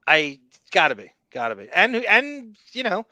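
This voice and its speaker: A man hosts a podcast, talking over clips in a rambling, opinionated way with salty language. His voice is bright and forward, and the sound is dry and close. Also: sits high, very animated, normal speed, no room sound. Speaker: podcast host. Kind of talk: casual commentary over played audio.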